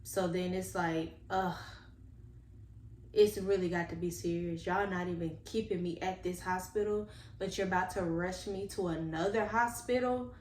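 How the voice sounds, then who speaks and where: Lady telling her story straight to the camera, lowish voice, little hiss in the background. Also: moderate pace. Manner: earnest, animated storytelling that addresses viewers directly. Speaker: vlogger telling a personal story. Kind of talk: casual storytime monologue. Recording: echoey room with faint background noise.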